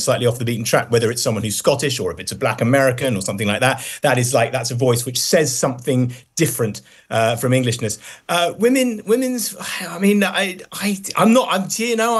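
A man's voice: medium pitch, slightly rough. A man on a radio panel discussion, wry and dry-humoured, often stopping and restarting his sentences. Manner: wry, with frequent stammered restarts.

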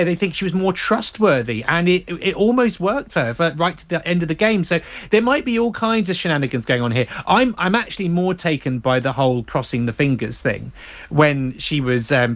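A man's voice: a little high, lively intonation, normal speed, a bit bright. A man from Croydon in casual podcast chat, playful, full of hesitant restarts and stammers. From Croydon, England.

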